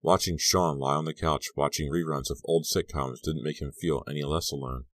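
A male audiobook narrator with an exceptionally deep voice reads in a steady, even way. The sound is close-miked and dry, with no room in it. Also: normal speed, dry recording. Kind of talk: scripted narration.

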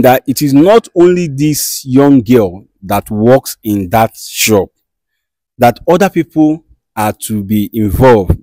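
A man plays a patient male interpreter. He relays each point slowly and repeats himself as he goes. The recording is close and dry, and his voice sits mid-range. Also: medium pitch, mellow, dry recording, poor audio. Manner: slow, deliberate interpreting with repetitions. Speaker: interpreter for the diviner.

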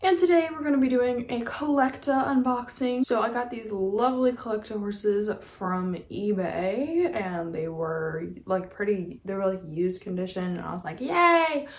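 A woman's voice: medium pitch, normal speed, hardly any pauses, darkish tone. A woman hosting a casual unboxing vlog, chatty and gushing, with lots of filler words. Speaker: vlogger unboxing model horses. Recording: echoey room with faint background noise.

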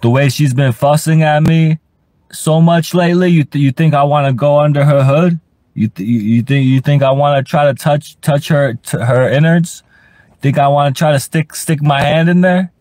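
A man's voice: normal speed, no echo. Young man, livestream rant, cursing, stammering, repeats himself, dry close sound. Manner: profane and rambling, stutters and repeats himself; bursts into high-pitched shouting. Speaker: livestream host.

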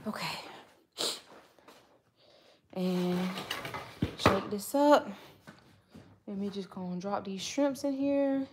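Here a woman of medium pitch speaks slowly, with long pauses, while she cooks in her kitchen and chats in a loose, slangy way to her channel's viewers and her kids. There's slight background noise, and the nearby phone camera is set down at times.

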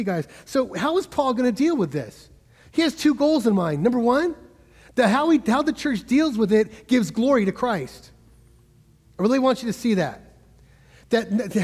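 A man's voice: high voice, darkish tone, in a large hall. A man giving a sermon as a guest preacher, talking to the congregation in a conversational way and asking them questions. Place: church sanctuary.

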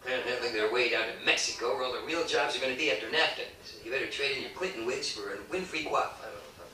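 A man's voice: mid-range voice, quick pace, pushed and bright. A man emceeing in a comedy club, doing crude, rambling, self-mocking stand-up that jumps between bits. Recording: echoey club, heard from far off, faint hiss.

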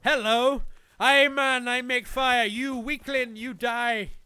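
A man voicing a boastful, violent primitive caveman in booming, broken speech. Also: steady tone, slow, bright, forceful tone, smooth, exaggerated voice.

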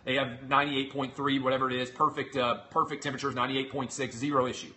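A man's voice: medium pitch, flat delivery, quick pace, pushed and bright, slight background noise. Fired-up man telling a story. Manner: exasperated, sarcastic retelling with acted-out quotes. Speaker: show host. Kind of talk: animated storytelling monologue.

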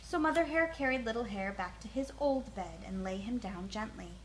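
A woman gently reading a children's picture book aloud in a soothing bedtime manner. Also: mid-range voice, moderate pace, slight background noise, rough recording. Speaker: storyteller.

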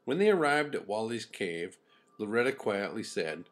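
An older man narrating a children's storybook in an expressive, folksy way. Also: lowish voice, normal speed.

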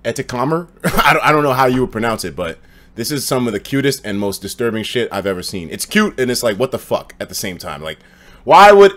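A young man streaming casually from his apartment, tipsy after drinks, talking loosely and profanely, jumping between loud outbursts and low mumbles. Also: big pitch swings, fast talker. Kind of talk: casual live-stream chat. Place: home apartment.

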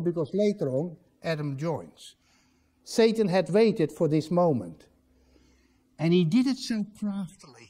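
A man's voice: sits high, dark tone. A man preaching a sermon as pastor in a church, emphatic and putting rhetorical questions to the congregation.

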